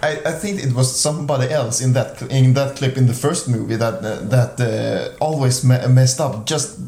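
A man's voice: mid-range voice, normal speed, mellow, slight background noise. Hesitant man in a roomy space. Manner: hesitant, repeats words and restarts. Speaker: co-host, amateur filmmaker. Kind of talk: casual chat. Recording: roomy echo.

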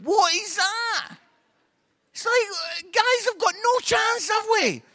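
A middle-aged man delivers a joking sermon in church. His voice sits high and sounds crisp and dry, right up close. He tells comic stories and breaks into sudden shouts. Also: slow pace, dry recording. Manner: comic storyteller, bursts into shouts. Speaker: preacher. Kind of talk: humorous sermon. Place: church service.

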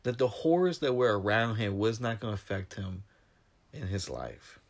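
A somewhat low, gravelly male voice at normal speed walks through a film's story in casual discussion. Emotional and animated, he lets his pitch jump during the dramatic parts and sounds almost tearful.

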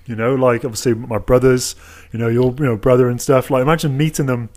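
A man's voice: medium pitch, steady tone, fast, a little mellow. A young man from the English Midlands with a Black Country accent, co-hosting a podcast in casual, rambling chat full of jokes and restarts. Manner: joking, rambling, with many fillers and restarts. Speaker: podcast co-host.

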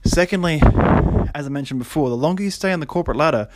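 A young man hosting a solo podcast, talking casually and then getting preachy and animated, with lots of fillers and quick laughs. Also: on the high side, very noisy. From Australia. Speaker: podcast host.

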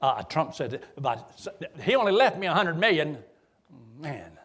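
A man's voice: a little high, moderate pace, breathy edge. A middle-aged man preaching a sermon in a folksy, joking way. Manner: folksy, joking, animated delivery.

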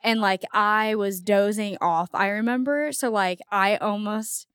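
A young woman co-hosting a podcast, telling animated stories about parenting mishaps in casual chat with lots of laughter. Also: mid-range voice, a little slow, clear, resonant tone, no echo, studio quality. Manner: animated storytelling, laughing often. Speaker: podcast co-host.

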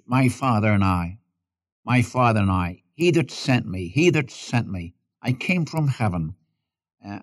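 A man delivers a sermon at a middle pitch. He is emphatic and repeats his key phrases. He reads scripture in old-fashioned wording and calls on listeners to follow along in their Bibles. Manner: addresses listeners directly, asking them to follow in their Bibles. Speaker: preacher.

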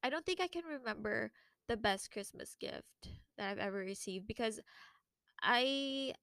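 A young woman hosting a casual solo podcast, chatty and animated, her voice leaping higher whenever she quotes herself. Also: a little slow, smooth, no room sound. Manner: chatty and animated, jumps to a high voice when quoting herself. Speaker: podcast host.

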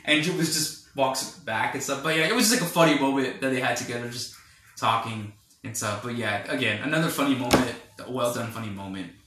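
A man's voice: medium pitch, fairly quick, sharp tone, a little hiss or hum. A young man hosting a podcast, rambling through a casual film review with lots of fillers. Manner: rambling, filler-heavy retelling. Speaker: podcast host. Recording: roomy echo.

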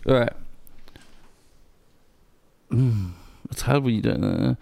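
A man's voice: medium pitch, takes it slowly, vocal fry, warm tone, dry recording. A man co-hosting a podcast, joking around, laughing and swearing in casual banter. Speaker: podcast co-host.

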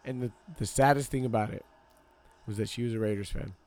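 Here a podcast host with a medium-pitched, slightly mellow voice talks a little fast and keeps his tone steady. He rants casually through a story, repeating points for emphasis and speaking right to "y'all," his listeners.

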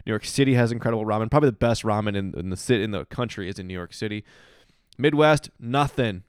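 A man's voice: fairly low pitch, fast talker, clear, resonant tone, dry recording, studio quality. A man in his thirties hosting a casual solo podcast from a hotel room, a little tipsy and yawning, rambling with restarts and emphatic outbursts. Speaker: podcast host.

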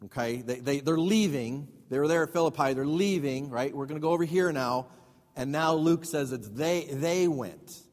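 A male pastor with a fairly high voice teaches from the Bible. He reads passages aloud and then breaks into casual explanations and questions for the congregation. His voice rings with a long reverb, as in a church hall. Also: moderate pace, darkish tone. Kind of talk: Bible study sermon.

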